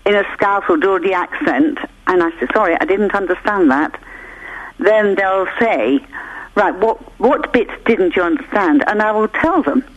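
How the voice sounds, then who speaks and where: A woman's voice: mid-range voice, lively intonation, moderate pace, dull audio. A woman, a voice coach, patiently explaining breathing exercises over the phone on a radio show. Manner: instructive, patient, laughs easily.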